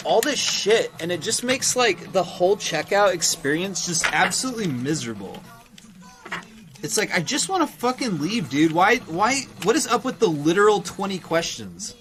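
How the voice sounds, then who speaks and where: A man's voice: high-pitched, big pitch swings, moderate pace, music in the background. A man who owns a shop, chatting casually on a livestream and reading viewer comments, rambling with lots of fillers and swearing freely. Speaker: game and toy shop owner streaming live.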